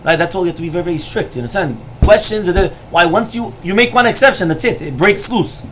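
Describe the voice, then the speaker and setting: A man's voice: high voice, fast talker, fairly bright tone, slight background noise. A man teaching a Talmud lesson who explains each line and keeps checking with "right?" and "you understand?". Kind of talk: Talmud study lecture.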